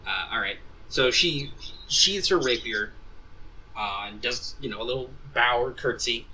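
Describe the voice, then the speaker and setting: Bright-voiced male game master. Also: mid-range voice, a little slow, a little hiss or hum, poor audio. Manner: rambling, many ums and asides. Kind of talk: narrating a tabletop game.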